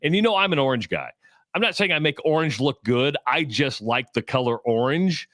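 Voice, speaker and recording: A man's voice: mid-range voice, expressive, normal speed, fairly bright tone, no echo, clean studio sound. A man co-hosting a sports talk radio show, chatting casually and joking at his own expense. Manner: joking and self-deprecating. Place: radio studio.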